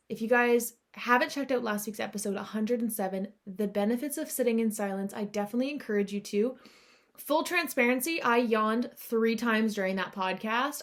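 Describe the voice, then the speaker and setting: A woman's voice: mid-range voice, fairly bright tone. A woman hosting her own podcast, talking in a chatty, encouraging way and often turning to her listeners with "right?" and "you guys". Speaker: podcast host. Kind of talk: casual solo podcast talk.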